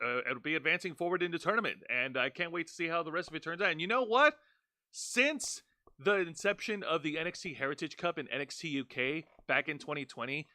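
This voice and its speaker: A man co-hosting a wrestling review show, chatting casually and getting excited over the matches. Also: a little high, no room sound, studio quality. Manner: enthusiastic, excitable. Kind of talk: casual chat.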